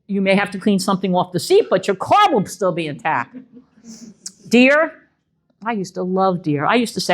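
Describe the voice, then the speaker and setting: A woman's voice: mid-range voice, very animated, moderate pace. A middle-aged woman, an animal control officer giving a humorous wildlife talk and acting out the animals in little voices. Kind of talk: lively public presentation.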